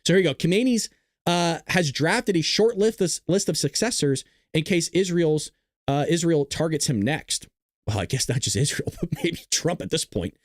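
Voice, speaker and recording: A man with a fairly high voice hosts a live-streamed political commentary show, bouncing between excitable play-by-play, jokes and combative jabs at his chat. He talks close to the microphone in a dry, deadened sound with no room echo. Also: moderate pace. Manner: excitable, joking and combative, talking straight to chat. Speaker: livestream news host.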